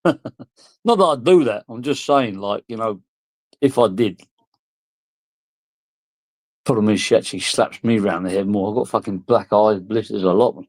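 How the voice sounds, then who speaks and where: A man's voice: on the low side, measured pace, long pauses, darkish tone, dry recording. A drunk man, rambling crudely and giggling through a casual vlog chat. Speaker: vlogger.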